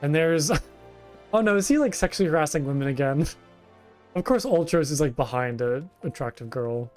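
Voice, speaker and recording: A man's voice: on the high side, moderate pace, darkish tone. A young man chatting casually and with amusement while streaming a video game from home. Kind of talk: casual gameplay commentary. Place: home gaming setup. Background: game music.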